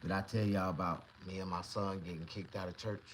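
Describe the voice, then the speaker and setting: A man vlogging to camera, telling a comedic story in a profane, boastful, animated way. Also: deep voice, brisk, slight background noise, rough recording.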